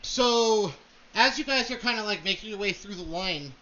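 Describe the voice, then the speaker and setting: Young male game master, high bright voice, loose narration, dull home recording. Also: animated, moderate pace. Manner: rambling, filler-heavy narration.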